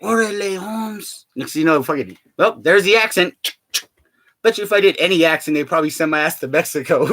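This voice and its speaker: Young male vlogger, somewhat high voice, rambling profane humor, lots of fillers. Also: fast, a bit bright, no echo. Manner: profane, joking, laughs often, many fillers. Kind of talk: rambling casual monologue to camera.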